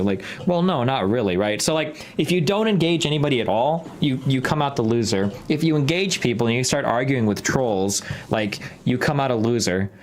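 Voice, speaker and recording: Young male streamer, casual rant, quick and profane, lots of fillers and restarts. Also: mid-range voice, lively intonation. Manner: fast, profane, rambling with many fillers and restarts. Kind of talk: casual ranting monologue.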